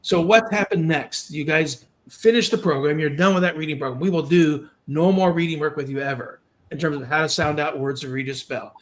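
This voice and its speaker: A man hosting a podcast, explaining reading steps in a quick, encouraging, coaching way. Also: on the high side, fairly bright tone. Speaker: podcast host and reading instructor. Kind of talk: conversational coaching.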